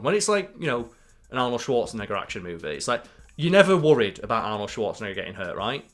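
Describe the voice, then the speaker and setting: A man co-hosts a casual film podcast and gives blunt, opinionated takes. He swears freely as he talks. His voice sits at an ordinary middle pitch. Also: very animated, fast talker, fairly bright tone. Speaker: podcast co-host.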